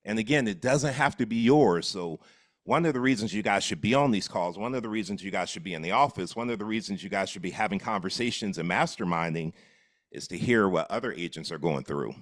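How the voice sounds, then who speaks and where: A man running a live coaching session on a video call, energetic and instructive. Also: fairly low pitch, fairly quick, no echo, clean studio sound. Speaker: real estate coach.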